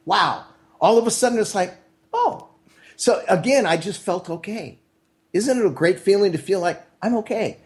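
A man's voice: high-pitched, normal speed. A middle-aged man, a mentor and interview guest, telling upbeat stories and acting out the voices of the people he quotes. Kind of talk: storytelling conversation.

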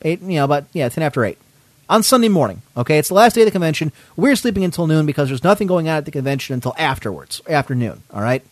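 A man's voice: a little high, sing-song, fast, no room sound. A man hosting a podcast, telling a story in a casual, indignant way, swearing often. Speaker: podcast host.

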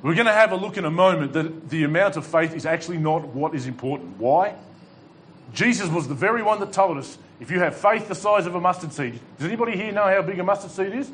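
A man preaches with fervent urgency to his congregation, slipping in wry jokes between his exhortations. His voice sits a little high for a man. A faint hiss of room noise runs underneath. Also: animated, fast, a bit bright. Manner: impassioned preaching with humorous asides. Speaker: pastor. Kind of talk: sermon. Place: church hall with congregation.

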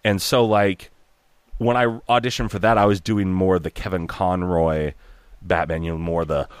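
A man from Oregon, a voice actor, telling a story in an animated, profane way and slipping into character voices. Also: low-pitched, normal speed, clear, resonant tone, dry recording. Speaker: guest voice actor. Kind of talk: casual storytelling.

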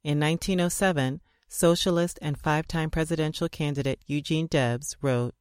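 A man with a somewhat raised voice reads a scripted historical narration. His delivery is measured and earnest. The recording is close and dry, with no room sound. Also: fairly high pitch, fairly even intonation, clear, resonant tone, no echo, rough recording.

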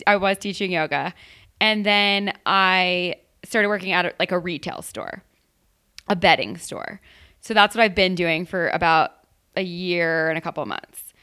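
A young adult woman in casual chat, talking in quick asides and laughing often. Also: fairly low pitch, pushed and bright, smooth.

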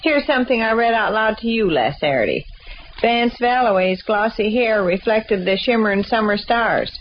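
A blunt, nagging wife, voiced by a woman, complains in a flat, plain-spoken way in a 1930s radio play. Her voice sits a little high. The old broadcast is dull and muffled. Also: normal speed, slight background noise, lightly acted. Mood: complaining.

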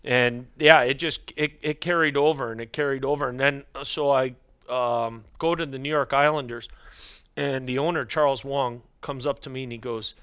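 A man's voice: medium pitch, steady tone, normal speed, fairly bright tone, smooth, dry recording. Middle-aged man spinning dry anecdotes. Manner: rambling anecdotes, drops his voice to quote others. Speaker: hockey equipment manager, guest. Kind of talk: casual storytelling chat.

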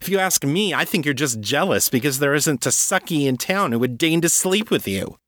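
A man's voice: a little high, very animated, moderate pace, a bit bright, dry recording, studio quality, pitched above the performer's own voice. A man reading a story, voicing a fierce, defiant female succubus who hisses and rises sharply in anger. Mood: furious. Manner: hissing, heated, rising sharply. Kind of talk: audiobook reading.

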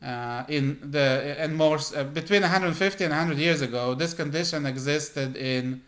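A man hosts a political commentary monologue in a fairly high, slightly bright voice. He speaks deliberately, with frequent pauses, fillers, and throat-clearing.

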